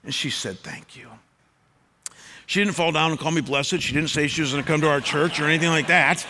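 Male pastor, middle-aged, slightly high bright voice, chatty sermon with stammered restarts. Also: steady tone, fast talker. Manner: conversational storytelling with frequent stammered restarts.

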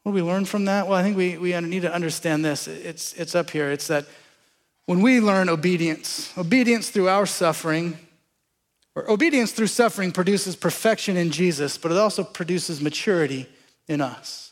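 A man's voice: sits high, moderate pace, big-room sound. A man preaching a sermon in a conversational way, asking the congregation questions as he explains scripture. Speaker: pastor.

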